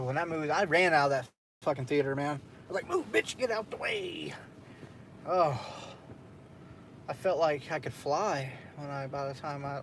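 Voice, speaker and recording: A man's voice: medium pitch, a little hiss or hum. A young man hosting a casual late-night stream, telling a story in a loose, profane way with frequent laughs. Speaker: streamer host.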